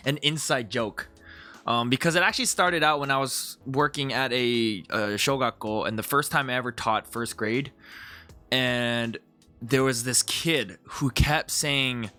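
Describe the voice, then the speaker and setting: A young man chatting casually as he reviews his own comedy video, animated and full of restarts. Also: medium pitch, a little slow, soft background music. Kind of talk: casual commentary.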